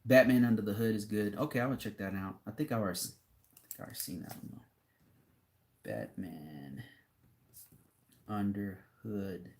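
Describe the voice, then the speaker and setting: A man's voice: on the low side, normal speed, long pauses, a little mellow, slight background noise. A young man streaming live, reading viewer comments aloud and chatting casually in a laid-back, rambling way with frequent laughs.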